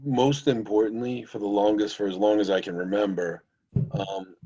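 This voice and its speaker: Reflective low-voiced man, lo-fi sound. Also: fairly even intonation, moderate pace, warm tone, slightly rough. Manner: reflective, opinionated. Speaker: guest. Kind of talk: casual podcast chat.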